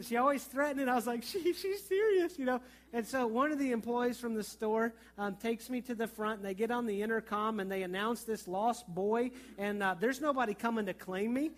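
A middle-aged man, a pastor, preaching a sermon and telling funny childhood stories. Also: extremely high pitch. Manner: storytelling with humor and vivid childhood anecdotes.

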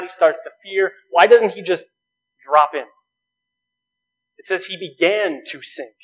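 A male pastor delivering a sermon in a notably high voice. He speaks earnestly, stacking rhetorical questions and pressing his points with rising emphasis. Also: a bit bright, poor audio.

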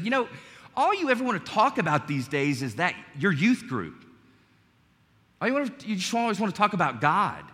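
A man's voice: medium pitch, pushed and bright, big-room sound. A man in his forties preaching a sermon, telling a personal story in an earnest, emphatic way. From North Carolina. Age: 40s. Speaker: pastor.

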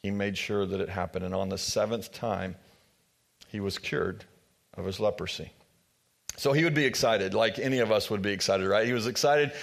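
A man's voice: on the low side, normal speed, vocal fry. A man preaching a sermon, retelling a story casually with modern sports asides and thinking aloud. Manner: thinking aloud, frank about not knowing.

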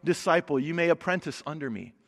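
A preacher voicing a kindly older male rabbi, measured and gently apologetic. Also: fairly high pitch, animated, creaky, pitched below the performer's own voice, full character voice. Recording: long hall reverb.

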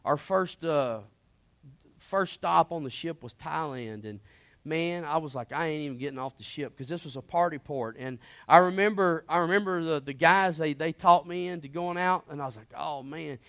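A man preaching and telling his personal testimony, earnest and impassioned, swinging between hushed moments and emphatic ones. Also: a little high, moderate pace, no room sound.

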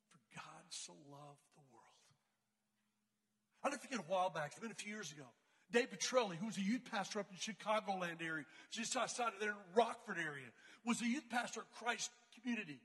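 Bright high-voiced man telling stories. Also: fast talker, husky, in a large hall. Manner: casual, slangy, animated storytelling. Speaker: youth speaker. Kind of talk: storytelling sermon.

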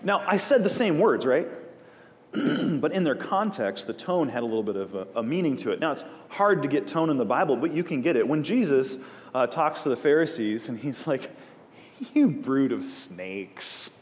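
A man leading a Bible study, praying and then teaching in a conversational, animated way with jokey asides. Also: fairly high pitch, a little fast. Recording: reverberant hall.

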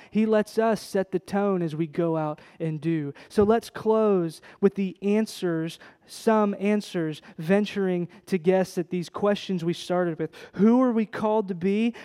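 Male pastor, sermon delivery, high register, impassioned swings from hushed to loud, reverberant hall. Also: clear, resonant tone. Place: church sanctuary. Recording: long reverb of a large hall.

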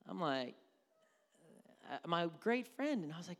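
Lively joking pastor in an echoey hall. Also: male voice, sits high, fairly quick. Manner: conversational and joking, breaks into singing and mimicry. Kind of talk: sermon. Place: church sanctuary.

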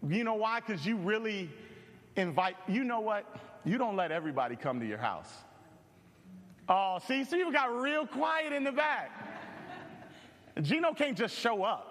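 A male pastor preaching a sermon with animated, joking storytelling. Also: sits high, moderate pace, long reverb tail.

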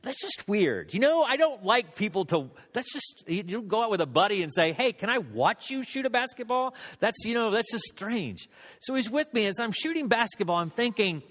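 Man, pastor, high voice, sermon, storytelling, long church reverb. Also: very animated, moderate pace, fairly bright tone. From Southern United States. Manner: storytelling, conversational, self-deprecating.

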